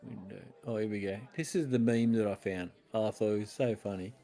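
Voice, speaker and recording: An easygoing man co-hosting a casual pub chat about home brewing, joining over a video call. He talks in a relaxed way and laughs readily, with faint crowd murmur behind. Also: fairly low pitch, brisk. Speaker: podcast co-host.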